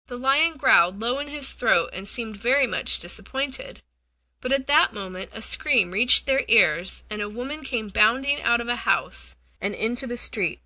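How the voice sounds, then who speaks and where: Woman narrating a bright children's audiobook. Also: a little high, no room sound.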